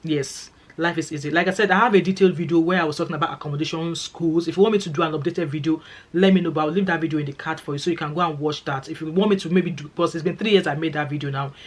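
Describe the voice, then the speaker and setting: A woman's voice: deep voice, fairly even intonation, very fast. A woman with a Nigerian accent, vlogging in a chatty, emphatic way, repeating phrases for stress and speaking straight to her viewers. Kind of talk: casual talking-to-camera vlog.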